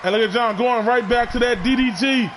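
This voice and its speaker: A man doing excitable play-by-play commentary of a wrestling match, often shouting his calls. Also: extremely high pitch, a little fast, noisy background.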